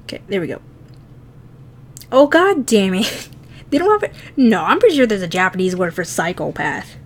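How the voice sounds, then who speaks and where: A woman with a mid-range, sing-song voice speaks at normal speed while streaming herself drawing. She chats casually, laughs often and swears freely as she teases herself.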